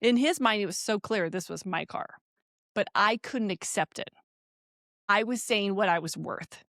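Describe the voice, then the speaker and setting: Recorded dry with clean studio sound, this medium-pitched woman keeps a moderate pace. She's a podcast co-host in her forties sharing a personal anecdote in relaxed chat, laughing frequently and voicing the characters in it.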